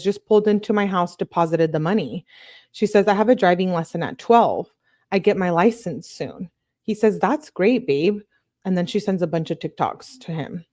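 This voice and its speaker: Low-voiced woman reading texts aloud. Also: mellow. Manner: plain, matter-of-fact reading with quick offhand comments. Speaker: true crime channel host. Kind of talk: reading text messages aloud with casual asides.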